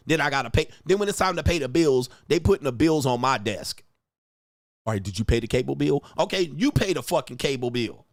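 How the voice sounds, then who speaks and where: A man hosting an online show in a loud, mocking, profane ranting style, swinging into high shouted tirades. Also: no echo, clean studio sound. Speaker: online dating coach and host.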